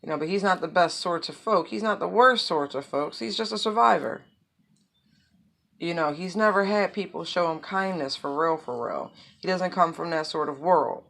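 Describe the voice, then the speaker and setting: Low-voiced rambling woman. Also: moderate pace, gravelly, fairly bright tone. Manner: rambling, lots of fillers and asides. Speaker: tarot reader. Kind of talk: casual spoken tarot reading.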